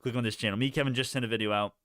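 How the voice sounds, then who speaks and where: Young male streamer, loose and rambling to his chat, clear resonant tone, dead-dry sound. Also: medium pitch, steady tone, very fast, a bit bright, dry recording. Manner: rambling, talks to chat, restarts often. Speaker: stock live-streamer. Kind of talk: casual livestream chat.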